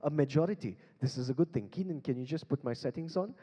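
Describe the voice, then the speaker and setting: Indian english guy emceeing on stage, dark mellow voice, playful crowd work, big reverby hall. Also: fairly high pitch, fast talker. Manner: playful, coaxing the audience. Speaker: event emcee and beatboxer. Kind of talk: live stage hosting with crowd interaction. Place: large conference hall stage. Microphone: handheld stage mic.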